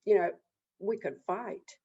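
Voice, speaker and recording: Woman doing a male turtle, crafty, indignant, slow, folk tale, muffled lo-fi sound. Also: husky. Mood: scheming. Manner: indignant then sly, shifting between high exclamations and muttered asides.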